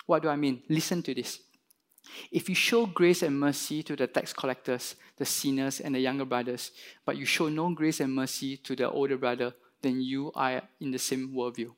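A man preaching a sermon, retelling a parable and acting out its characters with lively emphasis. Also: medium pitch, moderate pace. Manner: animated, voices the parable's characters with rising emphasis. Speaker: pastor.

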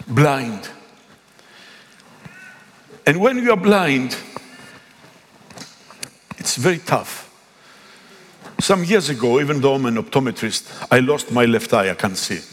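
A middle-aged man from Greece with a Greek accent, preaching a sermon and telling a story with emphatic, animated delivery. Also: mid-range voice. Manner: animated, emphatic, acts out dialogue. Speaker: pastor. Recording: echoey hall.

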